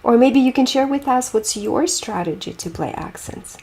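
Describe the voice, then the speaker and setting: A woman's voice: on the high side, expressive, moderate pace, vocal fry, a little mellow. A woman teaching a group piano lesson, explaining technique with images and asking students questions.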